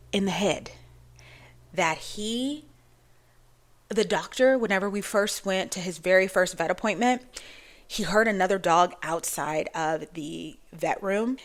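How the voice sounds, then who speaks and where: A woman's voice: mid-range voice, a bit bright. A woman in her forties talking casually to camera in a chatty, rambling monologue with frequent asides. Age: 40s. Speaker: vlogger.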